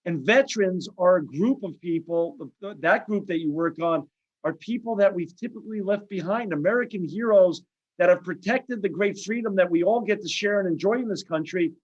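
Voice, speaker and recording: A middle-aged man hosts an interview, speaking earnestly and emphatically in long, speechlike runs. His voice sits notably high for a man. The sound is muffled and lo-fi. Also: fairly quick. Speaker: podcast host. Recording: dull lo-fi audio.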